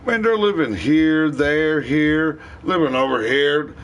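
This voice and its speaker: A man's voice: fairly high pitch, lively intonation, slow, hardly any pauses, a bit bright. A man livestreaming a rambling, profane rant in heavy slang.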